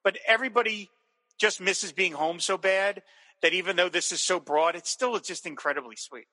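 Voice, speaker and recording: Recorded in what sounds like a big room, a man co-hosting a podcast talks excitedly about a TV episode, often circling back to restart. His voice is high, pushed and bright, at a normal speed.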